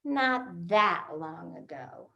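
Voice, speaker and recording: A woman from Texas giving a humorous storytelling speech, with an animated, punchline-driven delivery and deliberate pauses. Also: fairly low pitch, creaky, echoey room, lo-fi sound. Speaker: contest speaker.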